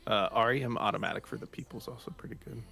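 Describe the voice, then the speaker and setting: A co-host who chats casually, reacting quickly with laughing asides. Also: medium pitch, steady tone, gravelly, sharp tone. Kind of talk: casual live-stream radio chat.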